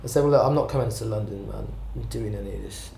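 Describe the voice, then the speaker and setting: A man with a low voice talks through his career as a singer-songwriter in a loose, rambling way, quick to poke fun at himself. The recording sounds roomy, with some echo. There is a faint hum of ambience behind him. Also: vocal fry, dark tone. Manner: rambling, self-deprecating storytelling. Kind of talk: casual interview chat.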